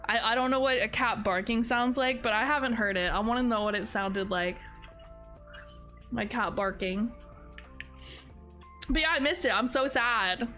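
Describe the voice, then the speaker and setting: Bright, chatty young woman streamer. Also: normal speed, pauses often, soft background music. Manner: rambling, chatty, bursts into high laughter. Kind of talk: casual live-stream chat.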